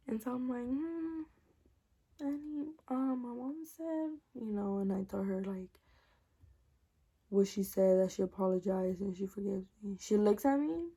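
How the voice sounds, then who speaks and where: A woman's voice: mid-range voice, unhurried, vocal fry. A young woman telling a personal story in a casual, profane vlog, acting out what everyone said. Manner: animated, profane, acts out dialogue.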